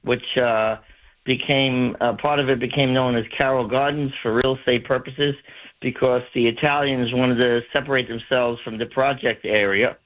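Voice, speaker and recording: A man's voice: mid-range voice, fairly even intonation, normal speed. A man from Brooklyn with a New York accent, calling in to a radio show and rambling through stories in a chatty way. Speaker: caller. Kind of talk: casual call-in chat. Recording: tinny phone line.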